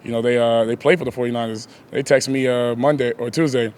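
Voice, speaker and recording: A man's voice: medium pitch, fairly even intonation, fast talker, darkish tone, smooth. A young man, a pro football player, answering press questions casually, laughing often and leaning on "like" and "you know".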